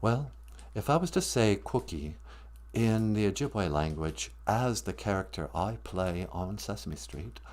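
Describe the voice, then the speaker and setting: A man voicing a male monster who drops the act to speak in a refined, halting, world-weary way. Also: fairly low pitch, animated, a little mellow, voice pushed down.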